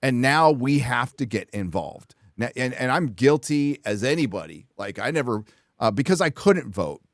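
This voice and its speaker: A man's voice: mid-range voice, sing-song, moderate pace, no room sound, clean studio sound. A man hosting a live talk show, speaking bluntly and profanely in casual political conversation. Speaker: host.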